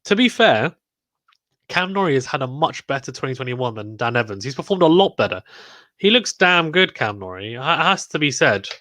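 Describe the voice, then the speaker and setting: British male stream host, chatty and rambling, mid-pitched voice, dry close sound, live watchalong commentary. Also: very animated, moderate pace, sharp tone, dry recording. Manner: chatty, rambling, reads viewer comments aloud.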